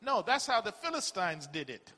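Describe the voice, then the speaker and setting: Man preaching, kinda high bright voice, chatty, asks the crowd questions, big reverb. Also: very animated, moderate pace. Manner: conversational, rhetorical questions, repeats words. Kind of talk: sermon. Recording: long hall reverb.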